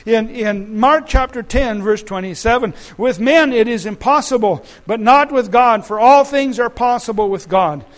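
A man preaching a sermon to a congregation, telling stories dramatically, with loud shouted peaks and quiet asides. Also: normal speed, few pauses, low-quality recording. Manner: dramatic storytelling, shouting and dropping to low asides.

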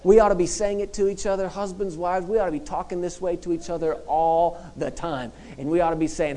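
A man delivering a sermon in a church. His preaching is emphatic and rhythmic, with repeated phrases and call-and-response lines to the congregation, and it swells into loud, fervent peaks. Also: high-pitched, fairly even intonation, brisk, few pauses.

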